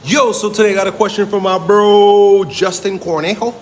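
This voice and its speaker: A man's voice: high voice, fairly even intonation, normal speed, a little hiss or hum. Man, strength coach, casual motivational talk, blunt, emphatic, swears, keeps saying "right?", long reverb.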